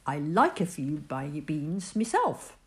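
A woman voicing a rough-talking male burglar who speaks loudly and exclaims, drawing out his words. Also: deep voice, big pitch swings, slow pace, full character voice. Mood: exclaiming.

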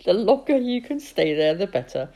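A woman voicing a kindly mother who gently teases her husband. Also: medium pitch, big pitch swings, normal speed, voice pushed up. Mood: teasing.

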